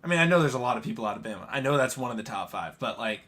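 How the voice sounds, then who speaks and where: A man's voice: medium pitch, animated, rapid-fire, fairly bright tone. A man co-hosting a live stream, chatting casually about football, rambling and hesitant with frequent laughs. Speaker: podcast co-host.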